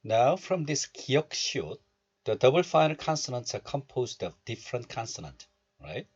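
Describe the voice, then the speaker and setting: A man teaching Korean pronunciation in a recorded lesson. He explains step by step and repeats syllables slowly for learners. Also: medium pitch, sing-song, husky, dull audio.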